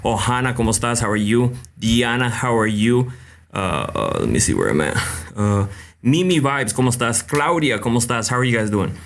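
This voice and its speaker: A young man hosts a live Q&A stream in a loose, chatty way. He reads out viewer names, drops in quick Spanish hellos and leans on fillers between thoughts. His voice sits at an ordinary middle pitch for a man. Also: lively intonation, creaky, fairly bright tone. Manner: greets viewers by name, many fillers, mixes in Spanish greetings. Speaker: livestream host. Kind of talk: casual livestream chat.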